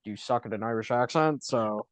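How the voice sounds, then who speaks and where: A man's voice: mid-range voice, moderate pace, dry recording. A man with a Buffalo, New York accent, co-hosting a podcast in casual chat and hedging a lot as he talks. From Buffalo, New York, USA. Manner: rambling, hedging with lots of fillers. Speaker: podcast co-host. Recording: dry, slightly dull lo-fi sound.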